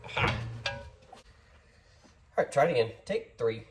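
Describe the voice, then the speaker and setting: A man's voice: on the low side, animated, normal speed, over music. A man hosting a casual DIY workshop how-to, chatty and easygoing, joking at his own mistakes as he works in a home garage. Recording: noisy workshop audio.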